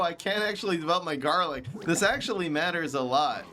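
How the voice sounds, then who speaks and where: A man with a light New York-tinged East Coast accent, streaming a card game and thinking aloud in excitable, laughing commentary. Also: fairly high pitch, a little fast, hardly any pauses, faint music behind.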